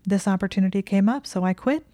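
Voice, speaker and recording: A woman's voice: mid-range voice, fast, warm tone, no room sound, clean studio sound, lightly acted. A woman voicing a curt young witch librarian. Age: 20s. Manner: curt and clipped.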